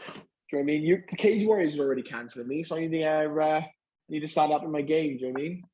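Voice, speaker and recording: A man with a Welsh accent, a guest on a podcast, chatting in a relaxed, rambling way with many fillers. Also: fairly high pitch, rapid-fire, slightly rough, lo-fi sound. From Wales. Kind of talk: casual chat.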